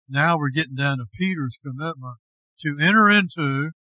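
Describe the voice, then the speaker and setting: A man, a pastor, preaching a sermon slowly and with deliberate emphasis. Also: on the high side, pushed and bright, no room sound, lo-fi sound.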